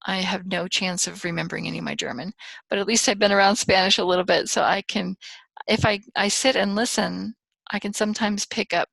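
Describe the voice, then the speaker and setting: A woman lecturer in a casual classroom style, her voice carrying a gravelly, fry-tinged edge at a middle pitch. The recording is dry and close, with no room sound, and she keeps it conversational with quick asides and fillers. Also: fairly bright tone, no echo, low-quality recording. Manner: conversational, fast side of normal, with fillers and restarts. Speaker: communication lecturer.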